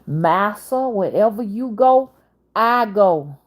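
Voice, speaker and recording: A woman's voice: mid-range voice, lively intonation. Woman putting on a pleading Southern farmhand. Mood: begging. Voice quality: slow, drawn-out drawl. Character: humble devoted farmhand pleading with master.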